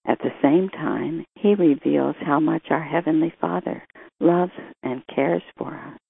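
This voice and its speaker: A priest reading the gospel and giving a measured, reflective homily that quotes scripture and scholars. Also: male voice, fairly high pitch, creaky, slightly rough. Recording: tinny phone-like sound, dry.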